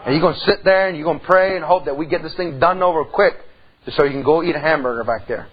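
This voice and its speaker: A middle-aged man, preaching a folksy sermon that swings between loud outbursts and hushed tones. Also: fairly high pitch, fast, lo-fi sound. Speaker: pastor.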